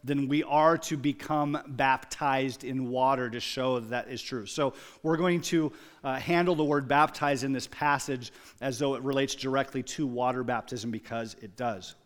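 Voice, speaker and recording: A man preaching a sermon, moving from quiet, reflective storytelling to loud, emphatic exclamations. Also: medium pitch, steady tone, normal speed, hardly any pauses. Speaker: pastor.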